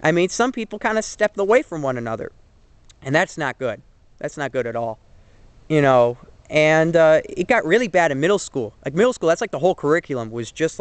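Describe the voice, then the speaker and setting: A young man in his twenties talks straight to the camera, earnest and rambling, full of fillers and restarts. His voice sits a little high. The sound is dry, with almost no room echo. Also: clear, resonant tone. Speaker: vlogger. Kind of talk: casual opinion monologue to camera.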